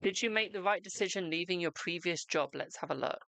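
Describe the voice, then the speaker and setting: A man's voice: high-pitched, a little fast, creaky, sharp tone, dry recording. A man hosting a live tarot reading stream, chatting casually with viewers and calling them darling and boo.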